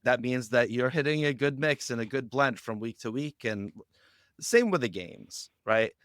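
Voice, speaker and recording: A man with a smooth, resonant, medium-pitched voice is a guest on a youth ministry podcast, in a conversational interview. He builds his points through animated stories and slips into quick quoted voices. The sound is dry and close, with no echo or room around it.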